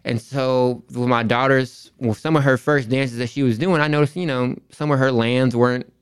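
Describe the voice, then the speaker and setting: A man's voice: medium pitch, fairly even intonation, moderate pace, clear, resonant tone. A man in his thirties, a school principal as podcast guest, telling family stories in a casual, rambling way. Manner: storytelling, frequent restarts and "you know".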